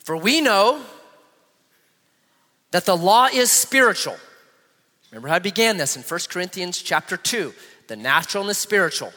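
A man preaches with a high, lively voice that rises and falls constantly. He slows right down to read scripture aloud. His words ring out with a long reverb, as in a large church hall. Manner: animated preaching, reading scripture aloud slowly. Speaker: pastor. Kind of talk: sermon.

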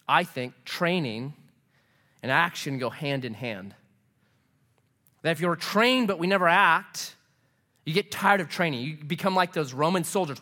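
A man preaching a sermon as a pastor, telling stories in an animated, conversational way. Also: fairly high pitch, a little slow. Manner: animated storytelling, lively and conversational.

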